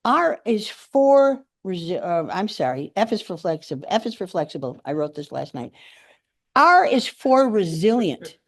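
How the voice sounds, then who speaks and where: A woman's voice: medium pitch, a little slow, no room sound, clean studio sound. An older woman giving a humorous speech at a speaking club, acting out the quotes in her stories. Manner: animated storyteller, acts out quotes. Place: meeting room.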